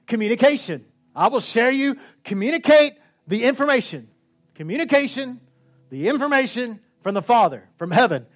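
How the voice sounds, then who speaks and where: A man preaching a sermon, animated, swinging from quiet, intimate lines to loud shouts. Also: very high-pitched.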